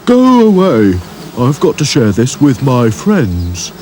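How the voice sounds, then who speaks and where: A man voicing a glum, sulky male rag doll who talks in a slow, whiny way. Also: fairly low pitch, big pitch swings, mellow, slight background noise. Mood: cross.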